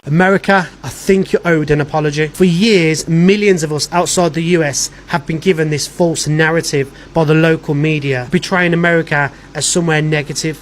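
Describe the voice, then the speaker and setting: Man, earnest, declamatory, higher voice, faint background noise. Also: fairly even intonation, a little fast, hardly any pauses. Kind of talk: earnest to-camera address.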